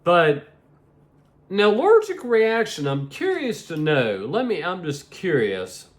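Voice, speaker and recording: Sleepy middle-aged male vlogger, rambling, slow talker with a lively, swooping pitch. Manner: rambling, repeats "like I said". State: sleepy, yawning. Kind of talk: casual vlog talk to viewers.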